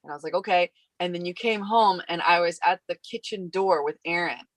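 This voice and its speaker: A woman's voice: fairly low pitch, fairly quick, no room sound, rough recording. Wry teasing woman co-host, dry sound. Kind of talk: casual chat.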